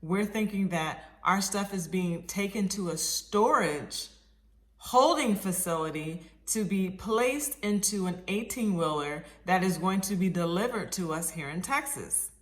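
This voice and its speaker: A woman vlogger telling a personal story in a casual storytime style, animated and exclaiming, quick to laugh. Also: medium pitch.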